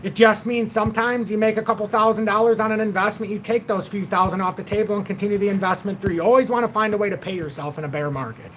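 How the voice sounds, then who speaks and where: A man's voice: sits high, steady tone, quick pace, hardly any pauses, a bit bright, a little hiss or hum. A man in his forties hosting a casual livestream chat, rambling and blunt, swearing freely as he tells old stories. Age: 40s. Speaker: livestream host.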